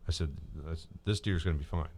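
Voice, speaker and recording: Deep-voiced male co-host, casual storyteller, repeats himself. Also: brisk, a little mellow, slight background noise. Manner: long anecdote, repeats words, quotes himself. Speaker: podcast co-host.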